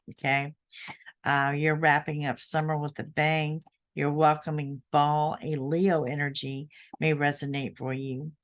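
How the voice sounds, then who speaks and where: A woman hosting a psychic podcast, giving readings to her listeners in an emphatic way, often repeating her points. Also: low voice. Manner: emphatic, repeats key words, addresses listeners directly.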